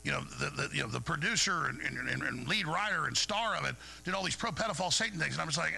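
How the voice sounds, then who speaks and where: A man with a high, gravelly, sharply bright voice rants through a radio monologue. He stumbles over repeated words as he pushes on. A faint mains hum sits under the recording. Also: animated, fast, hardly any pauses, low-quality recording. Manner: rambling, repeats words, heated. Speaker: radio show host. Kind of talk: agitated talk radio monologue.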